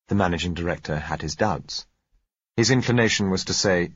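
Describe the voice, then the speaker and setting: A man narrating an audiobook in a measured, even manner. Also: low voice, breathy edge, dry recording, highs cut off. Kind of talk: scripted narration.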